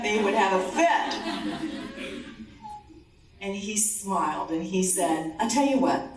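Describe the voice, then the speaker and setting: A woman giving a motivational conference talk. She tells a story and acts out the dialogue, dropping her voice low for the man. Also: a little mellow. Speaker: conference speaker. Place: conference hall. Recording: roomy hall, distant mic.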